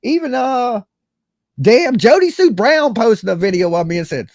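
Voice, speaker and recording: A man's voice: very high-pitched, animated, unhurried, darkish tone, no room sound, studio quality. A man, just woken up, ranting casually as a livestream host, rambling and repeating "okay" and "you know what I'm saying".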